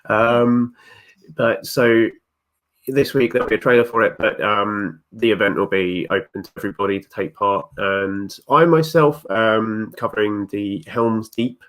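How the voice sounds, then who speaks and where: A man's voice: on the low side, unhurried, a bit bright. A man chatting casually as a guest, with frequent restarts and chuckles. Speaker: guest Tolkien YouTuber. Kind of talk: casual video-call discussion.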